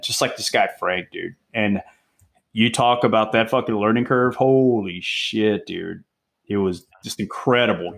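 A man in his forties, a police interdiction officer, telling stories on a podcast in an excitable, profanity-heavy way and calling people bro and dude. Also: medium pitch. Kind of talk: casual storytelling chat.

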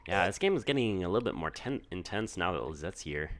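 A man's voice: deep voice, big pitch swings, fast, background noise. A man doing let's play commentary, thinking aloud and puzzling over the text on screen. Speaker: gaming video creator.

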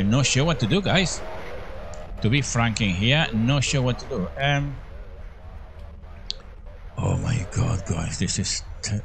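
A man's voice: on the low side, noisy background. A man commentating as he plays a horror game, jumpy and full of exclamations, often calling out to his viewers. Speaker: horror game let's-player.

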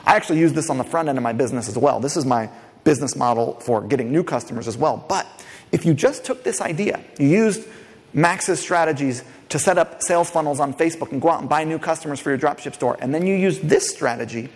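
A fairly high-voiced man delivers an energetic conference keynote from the stage. He keeps checking in with the crowd through quick questions. His voice carries a long reverb that rings through the large hall. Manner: energetic, quizzes the audience directly. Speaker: keynote speaker.

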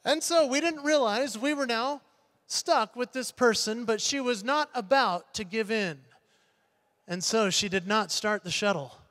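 A motivational speaker, a man, telling an animated story on stage and acting out the voices. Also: very high voice, a little slow. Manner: animated, acts out voices, builds to punchlines. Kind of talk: keynote storytelling speech. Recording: long hall reverb.

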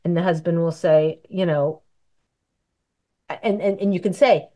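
A woman's voice: fairly low pitch, unhurried, pauses often, warm tone. A middle-aged woman hosting a talk show, giving casual, rambling marriage advice and acting out little dialogues. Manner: chatty, rambling, acts out dialogue. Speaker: host answering questions.

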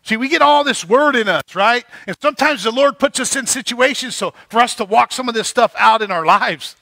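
A man's voice: very high voice, brisk, sharp tone, dry recording. A male pastor preaching a sermon, building emphasis and checking in with the congregation. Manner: preaching with rising emphasis and repeated "right?".

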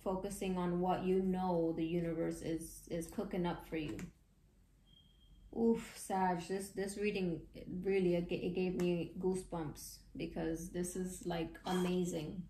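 A woman giving a casual tarot reading, chatty and excitable, with slangy talk and frequent laughs. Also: on the low side, unhurried, reverberant, slight background noise. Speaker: tarot reader.

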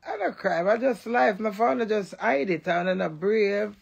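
A woman with a Jamaican accent ranting defiantly to the camera, swinging between loud outbursts and low mutters. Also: unhurried, vocal fry, breathy edge. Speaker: vlogger. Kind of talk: emotional direct-to-camera rant.

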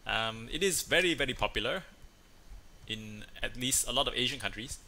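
A man hosts a casual chat show, playful and chatty, acting out voices while telling a joke. His voice is medium-pitched and sharp, with lively intonation at a normal speed.

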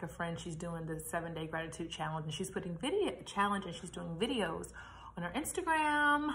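A woman talking in a chatty, animated way in a casual motivational vlog, laughing at herself now and then. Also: lowish voice, a little hiss or hum. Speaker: vlogger. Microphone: camera mic, reading notes.

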